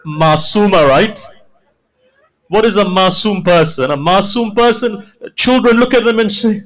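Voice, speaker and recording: A man delivering a mourning sermon, narrating stories with quoted dialogue. He moves from quiet storytelling to a high, loud, wailing climax. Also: a little slow, rough recording. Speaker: preacher.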